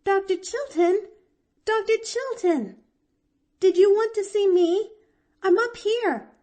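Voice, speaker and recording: A bright, breathless little girl's voice, pitched high and full of exclamations, as a woman reads her in an audiobook. Her delivery swoops up and down. The pace is unhurried. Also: sing-song, heavily acted. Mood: excited, pleading. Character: eager cheerful young girl.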